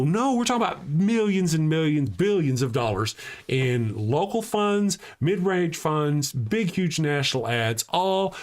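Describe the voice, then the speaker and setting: A man hosting a live-streamed talk show, ranting heatedly and answering chat comments aloud from home. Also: a little high.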